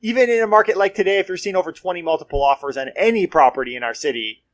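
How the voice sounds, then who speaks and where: A young man hosts a casual market podcast and talks straight to his listeners. His voice sits a little high, and he drives points home by repeating them. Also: rapid-fire. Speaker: real estate podcast host.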